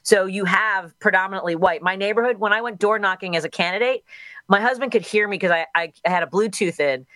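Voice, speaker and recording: A woman's voice: medium pitch, a little fast, a bit bright, no echo. A middle-aged woman from Chicago, a radio host speaking as a guest in a radio interview, candid and thinking aloud with restarts.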